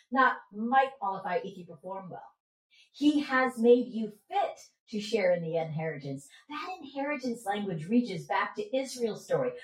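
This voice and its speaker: A woman teaching a Bible study. She talks with energy and often asks her listeners questions, then answers them herself. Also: mid-range voice. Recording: roomy echo, from a distance.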